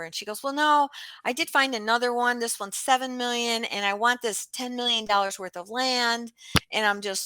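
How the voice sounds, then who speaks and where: A woman real estate agent, a podcast guest, telling a story in a chatty, lively way and acting out the other people's lines. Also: fairly high pitch, moderate pace, clean tone, dry recording. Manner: chatty, lively, acts out dialogue with quoted voices. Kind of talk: animated storytelling in an interview.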